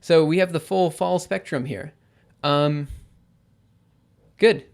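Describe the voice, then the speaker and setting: A man's voice: on the high side, takes it slowly, gravelly. A young man streaming his programming session, thinking aloud with lots of fillers and self-corrections, his voice a bit worn. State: losing his voice. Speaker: livestreaming programmer. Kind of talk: casual live coding commentary.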